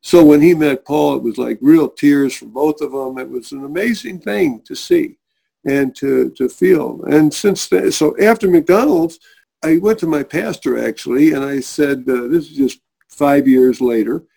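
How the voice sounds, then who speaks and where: Middle-aged guy telling his faith story on a talk show, kinda high voice, husky, earnest, does the voices of people he quotes. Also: a little slow, mellow. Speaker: guest.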